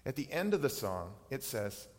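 A man's voice: mid-range voice, sing-song, moderate pace, a little mellow. A man in his thirties preaching a sermon as pastor, earnest, personal and reflective. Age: 30s. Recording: long hall reverb.

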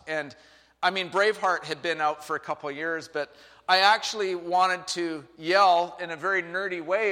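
A man's voice: high voice, sharp tone. A male pastor preaching a conversational sermon with joking asides, then interviewing a guest. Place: church sanctuary. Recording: reverberant hall.

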